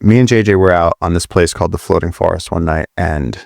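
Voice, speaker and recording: Low gravelly man telling a wild story. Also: brisk, no room sound, clean studio sound. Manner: excited storytelling, swearing, many restarts. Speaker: wildlife adventurer guest. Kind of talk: animated storytelling in a podcast interview.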